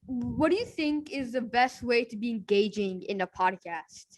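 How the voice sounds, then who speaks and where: Young host, casual and filler-heavy. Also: female voice, a little high, animated, moderate pace. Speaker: podcast host. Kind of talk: casual interview chat.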